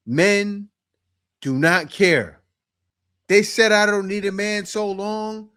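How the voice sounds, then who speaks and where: A man's voice: sits high, a bit bright. A man giving reaction commentary to viewers, emphatic and repetitive, speaking straight to the audience.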